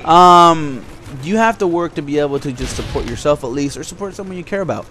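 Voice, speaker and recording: A man's voice: a little high, fairly quick, a little hiss or hum. A man talking to his viewers in a casual, rambling monologue, telling stories and giving his opinion. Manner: rambling, animated storytelling. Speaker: video blogger.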